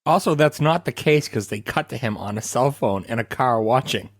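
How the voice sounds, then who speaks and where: A man's voice: medium pitch, expressive, moderate pace. A man co-hosting a podcast in casual chat, making dry, matter-of-fact jokes. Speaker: podcast co-host.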